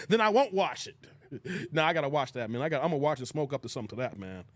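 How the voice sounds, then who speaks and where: Animated, laughing male stream host. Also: a little high, quick pace, dry recording. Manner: laughing hard, animated, slangy. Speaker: live stream host reacting to chat. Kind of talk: casual live stream chat.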